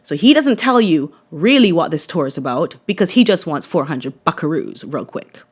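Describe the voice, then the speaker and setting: A woman with a Barbadian accent telling a personal story to camera in a chatty, animated way, often checking in with viewers. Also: low voice, normal speed, breathy edge. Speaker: vlogger.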